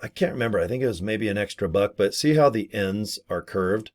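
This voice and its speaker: Joking, rambling man with a low voice. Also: animated, fairly quick. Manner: rambling, jokey, acts out little scenes with laughs. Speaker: network marketer. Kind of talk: casual talking-head video.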